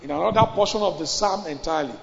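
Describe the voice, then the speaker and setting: A man preaching a sermon, emphatic, repeating his phrases and building up to shouts. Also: a little high, fast talker, gravelly, slight background noise. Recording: reverberant hall, dull lo-fi sound.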